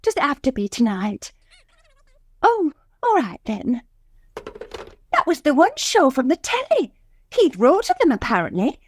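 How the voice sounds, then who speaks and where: A woman playing a fretful, scheming middle-aged wife in a radio sitcom, excitable and fussy. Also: high-pitched, unhurried, long pauses, exaggerated voice. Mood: fussing.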